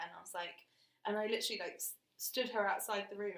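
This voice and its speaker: A woman co-hosting a podcast, telling stories frankly and in an animated way, often laughing. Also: mid-range voice, fast talker, echoey room, rough recording. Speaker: podcast co-host. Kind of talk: casual chat.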